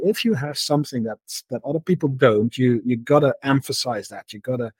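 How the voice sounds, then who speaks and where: A man's voice: medium pitch, normal speed, a little mellow, breathy edge, no echo. A man in a casual interview, explaining markets at length and often repeating words as he thinks. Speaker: interview guest, market analyst.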